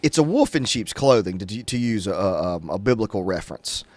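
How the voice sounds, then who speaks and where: Low-voiced guy interviewing, slow and deliberate, dry close sound. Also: expressive, a little mellow, no room sound. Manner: slow, deliberate, stretches key words. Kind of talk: political interview conversation.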